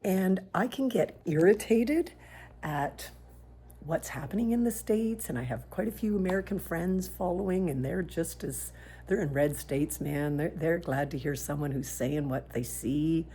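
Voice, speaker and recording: Speaking directly to camera, a woman from Canada gives an earnest, pained personal monologue as a vlogger sharing her views, at times falling to a whisper. She has a low, warm, unhurried voice, and a little hiss or hum can be heard.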